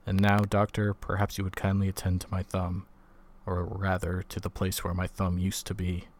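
Shaken young engineer, polite and formal; deep and monotone, read by a male narrator. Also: normal speed.

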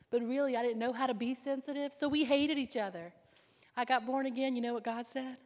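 A woman preaching a sermon with fervor, swinging between loud declarations and hushed whispers. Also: sits high, steady tone, fairly quick. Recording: long hall reverb.

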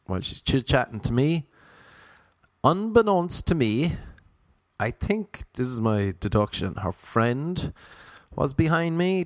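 A man's voice: mid-range voice, sing-song, measured pace, dry recording. Brief: Irish man, rambling jokey storyteller, dry close sound. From Ireland. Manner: rambling, self-mocking, jokey asides. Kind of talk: casual comic storytelling.

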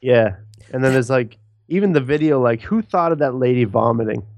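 A man's voice: medium pitch, animated, a little mellow, dry recording, lo-fi sound. A man co-hosting a podcast, chatting casually, laughing often and swearing. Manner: laughing, profane, quick impressions. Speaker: podcast co-host. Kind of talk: casual chat.

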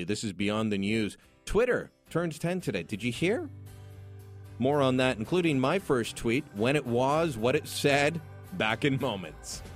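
A man hosts his talk radio show, chatting in an opinionated, joking way straight to his listeners. The studio sound is close and dry, with faint music underneath. His pitch sits in a medium range for a man. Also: dry recording. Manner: opinionated, jokey, conversational.

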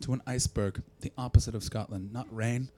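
A young man doing profane, mocking stand-up crowd work, bursting loud at times. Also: mid-range voice, fairly even intonation, fairly quick. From Canada. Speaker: stand-up comedian.

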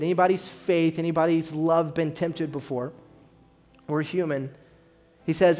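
A man's voice: on the high side, fairly even intonation, moderate pace, darkish tone. A man preaching a sermon as pastor, earnest and addressing the congregation with direct questions. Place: church.

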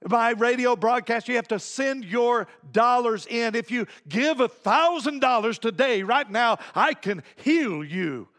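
A man's voice: extremely high pitch, lively intonation, unhurried, hardly any pauses, fairly bright tone, pitched above the performer's own voice, exaggerated voice. A man voicing a greedy male TV preacher who sells healing for money, in a showy put-on preacher accent. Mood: hard-selling.

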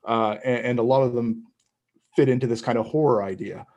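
A man's voice: medium pitch, fairly even intonation, fairly quick, darkish tone, lo-fi sound. A middle-aged man, a comic book creator, answering interview questions in a loose, rambling way with many restarts. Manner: rambling, hesitant, full of restarts. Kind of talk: casual interview talk.

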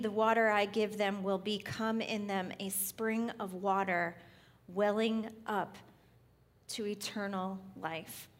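A woman preacher voicing a calm male teacher in a slow, soft, measured way. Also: mid-range voice, natural voice.

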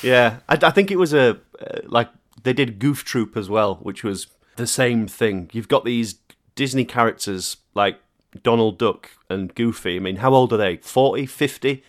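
An animated male host chatting casually about cartoons, breaking into laughter and tossing in jokey asides. His voice sits in a middle range for a man and rises readily when he gets excited. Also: medium pitch, normal speed. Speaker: podcast host. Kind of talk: casual chat.

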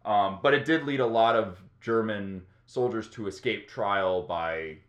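A man co-hosting a casual chat podcast, explaining history in a rambling, relaxed way with plenty of ums. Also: lowish voice, measured pace, reverberant.

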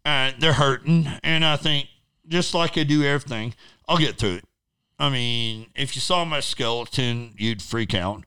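A man's voice: medium pitch, moderate pace, sharp tone, clear, resonant tone. A middle-aged man, an interview guest, telling a personal story casually in a blunt, profane, rambling way.

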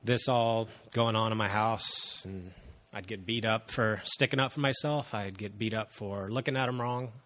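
A man in his thirties shares his personal testimony before a congregation. His voice sits fairly low, and he speaks earnestly and haltingly, often pausing on fillers. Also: steady tone, a bit bright. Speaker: church member giving testimony.

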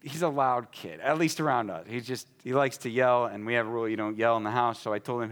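A man's voice: medium pitch, a little fast. A pastor telling a story about his son in a conversational sermon, acting out the dialogue between them.

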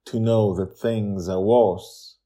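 A man voicing a gentle adult woman who speaks softly and soothingly in an audio story. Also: fairly low pitch, steady tone, slow pace, voice pushed up. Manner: soft, soothing.

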